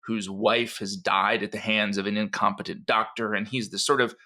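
A man co-hosting a podcast, telling a story in an enthusiastic, animated way. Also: on the low side, moderate pace. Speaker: podcast co-host.

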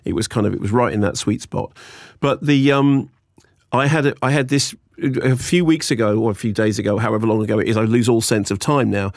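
A man's voice: on the low side, a little fast, no room sound, clean studio sound. A British man co-hosting a podcast, chatting casually about films and telling stories with acted-out quotes. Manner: animated storytelling, acts out quoted voices. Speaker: podcast co-host. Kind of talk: casual film chat.

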